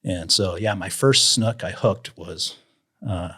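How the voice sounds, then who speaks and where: A man telling fishing stories as a podcast guest in a casual, animated way, raising his voice to act out the people he quotes. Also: low-pitched, slow pace, breathy edge. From Idaho, USA. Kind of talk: casual storytelling in an interview.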